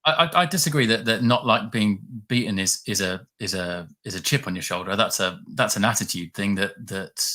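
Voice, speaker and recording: A man speaking as a guest pundit in a casual chat over a video call. His voice is lowish, and he halts and repeats words as he works out his point. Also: sharp tone. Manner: halting, repeats words as he thinks.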